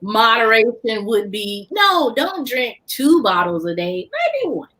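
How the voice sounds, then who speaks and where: Lively, playful bright woman. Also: fairly high pitch, unhurried. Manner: playful, teasing questions. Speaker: science show co-host. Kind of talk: casual group chat.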